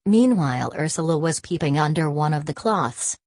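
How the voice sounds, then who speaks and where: A woman narrating an audiobook in a steady, measured reading. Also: sits low, dry recording. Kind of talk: scripted narration.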